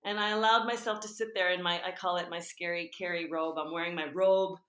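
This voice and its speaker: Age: 40s. Sex: woman. Role: podcast guest, golf and fitness trainer. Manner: animated storyteller. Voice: bright and forceful. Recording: echoey room. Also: lowish voice, a little fast. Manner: animated, acts out her own inner voices. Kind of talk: casual storytelling in a podcast interview.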